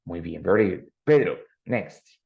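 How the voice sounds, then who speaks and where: A man's voice: sits low, expressive, moderate pace, gravelly. A man teaching an English class, explaining grammar with frequent tag questions like "right?" and "ready?". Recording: dull lo-fi audio.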